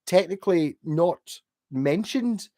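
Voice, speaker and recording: A man's voice: sits high, expressive, slow, dark tone. A man, a bit drunk, rambling casually on a late-night home livestream while reading out chat and laughing often.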